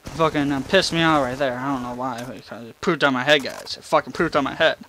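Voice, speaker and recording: A man's voice: mid-range voice, a little fast, sharp tone, a little hiss or hum. A young man rambling and swearing through gameplay commentary at home, mocking himself as he goes. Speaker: gaming channel host. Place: room in his house. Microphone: face cam desk mic.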